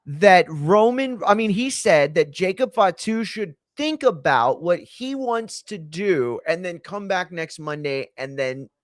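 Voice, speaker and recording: A man's voice: high voice, expressive, a little slow, few pauses, no room sound, clean studio sound. A young man casually reacting to wrestling in a slangy, profane, blunt way.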